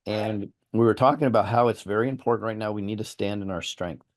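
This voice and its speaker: A fast-talking interview host with a lowish voice lays out his opinions earnestly, backing them with examples. He tends to repeat his words.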